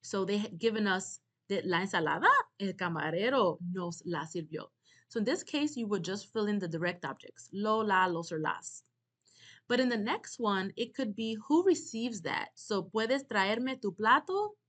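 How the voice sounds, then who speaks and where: A woman's voice: mid-range voice, lively intonation, normal speed. Female instructor, lecture style, patient step-by-step explanations to students. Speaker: Spanish teacher.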